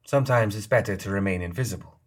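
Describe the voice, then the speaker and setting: Sly geisha woman in charge, read by a male narrator: smug, teasing, a little husky, slightly raised from a lowish voice. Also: fast talker, close to an everyday voice. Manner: playful, teasing and knowing.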